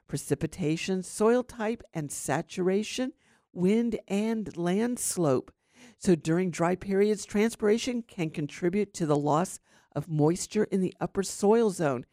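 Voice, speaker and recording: A woman's voice: on the low side, mellow, no echo, studio quality. A woman hosting a syndicated radio gardening show, chatting casually with many fillers and explaining plant science. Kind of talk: casual radio talk with call-ins. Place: radio studio.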